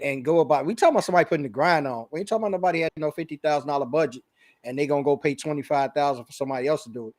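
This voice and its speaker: A man with a Chicago accent hosting a casual business talk show, animated and slangy, laughing often. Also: fairly high pitch, no room sound. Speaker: podcast host. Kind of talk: casual chat.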